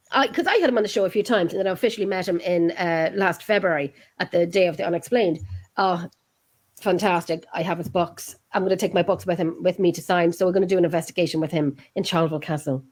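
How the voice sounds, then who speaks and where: A woman's voice: fairly low pitch, darkish tone. An Irish woman hosting a chat show, chatty and enthusiastic, often repeating her phrases. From Ireland. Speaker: host.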